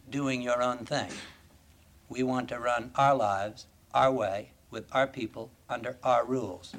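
A man lecturing an audience in a deliberate, emphatic way, often asking rhetorical questions. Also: medium pitch, creaky, slight background noise. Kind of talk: formal lecture.

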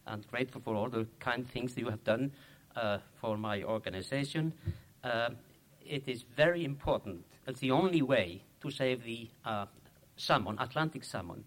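A man with an Icelandic accent giving a halting acceptance speech, with many pauses and fillers. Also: mid-range voice. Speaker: award recipient.

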